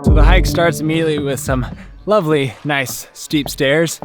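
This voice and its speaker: A man's voice: fairly high pitch, normal speed, over loud music. A young man narrating an outdoor hiking vlog on a forest trail, chatty and informative, speaking into a handheld camera mic. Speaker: vlogger and hiking guide.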